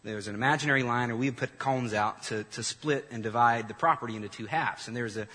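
A man preaching a sermon, telling a lively story and calling on the congregation to repeat lines after him. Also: mid-range voice, brisk, slightly rough. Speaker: pastor. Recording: long hall reverb.

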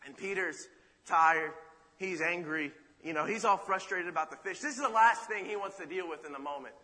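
A man preaching a sermon, retelling a story in a dramatic, animated way with rhetorical asides. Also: high-pitched, moderate pace. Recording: reverberant hall.

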